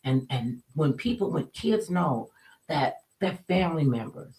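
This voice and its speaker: An animated woman telling a story from her own life in casual, colloquial talk. She acts out the voices of the people she quotes. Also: sits low, a little slow, low-quality recording.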